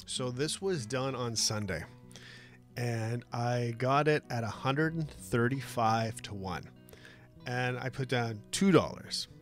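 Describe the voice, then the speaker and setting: A man hosting a sports talk show, telling stories in a lively, casual way. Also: medium pitch. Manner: animated storytelling with laughs.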